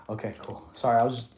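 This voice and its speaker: A man's voice: mid-range voice, darkish tone, a little hiss or hum. A man coaching fitness on a casual livestream, laughing often and answering chat questions, filmed on a tripod camera.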